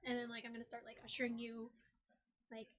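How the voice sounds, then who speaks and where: A woman's voice: a little high, completely flat delivery, fast. A woman playing a tabletop game, explaining her moves in a casual, filler-laden way. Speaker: player.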